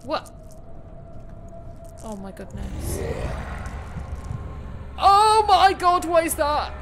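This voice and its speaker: A woman's voice: extremely high pitch, sing-song, very slow, a bit bright, a little hiss or hum. A young woman playing a horror game live, talking to herself, shrieking at scares and laughing at herself. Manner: jumpy, screams and laughs, chatty. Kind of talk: live gameplay commentary.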